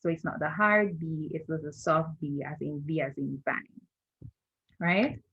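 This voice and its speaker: A woman's voice: low-pitched, unhurried, breathy edge, muffled recording. A woman teaching a screen-share lesson, patient and repetitive, often checking in with "right?". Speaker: language teacher.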